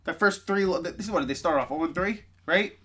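A man co-hosting a casual sports podcast, talking through football picks in an animated, exasperated way, groaning and loosening up between points. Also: sits high, brisk, breathy edge. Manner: animated, groaning and exasperated about his team. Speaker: podcast co-host.

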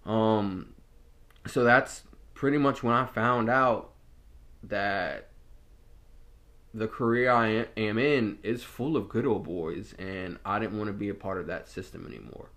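A man's voice: on the low side, unhurried, a bit bright. A young man, a former corrections officer, telling his own story in a candid, reflective way, often restarting his sentences. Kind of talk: personal storytelling monologue.

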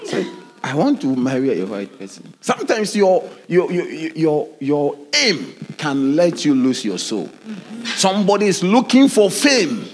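A man preaching a sermon as pastor, animated, with sudden high shouts and laughing asides. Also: unhurried, faint music behind.

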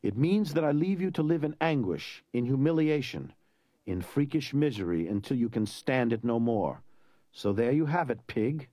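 A man voicing a weakened young hero who lists cold threats in a soft, measured way. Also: mid-range voice, lively intonation, dry recording, close to an everyday voice. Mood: menacing. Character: weak but menacing young hero, cold and mocking.

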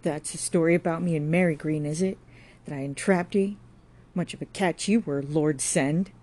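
A fiery young country wife, voiced by a woman reading aloud, loud and scornful, pushing her lines out with petulant force. The reader's voice stays mellow and warm underneath the temper, as in an audiobook. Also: low-pitched, normal speed.

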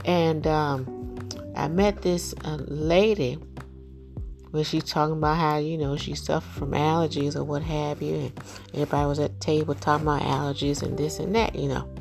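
Middle-aged woman, gravelly, slightly low voice, chatty folksy vlog talk, faint music behind. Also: moderate pace. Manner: chatty, folksy, many "you know" and "right?" tags; animated when acting out quoted dialogue. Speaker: parent sharing life advice. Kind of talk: casual monologue vlog.

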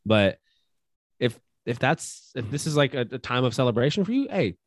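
A young man co-hosting a podcast, casual and earnest, offering gentle advice with fillers and asides. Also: medium pitch, very animated, moderate pace, no echo, studio quality. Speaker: podcast co-host. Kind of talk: casual chat.

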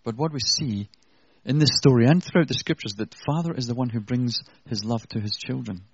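Male preacher, husky voice, earnest and conversational, dry dull lo-fi recording. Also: medium pitch, a little fast, no room sound. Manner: earnest, conversational preaching with self-deprecating asides. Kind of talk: sermon.

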